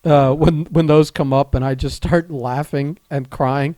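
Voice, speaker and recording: A man's voice: on the high side, fairly even intonation, a little slow, mellow, no room sound. A man co-hosting a podcast in casual chat, often breaking into laughter as he talks. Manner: laughs often while talking. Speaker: podcast co-host.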